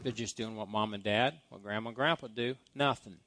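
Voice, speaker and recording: A man's voice: on the low side, a little fast, fairly bright tone, dry recording. A male pastor preaching a sermon, reciting scripture-based blessing prayers with emphasis. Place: church.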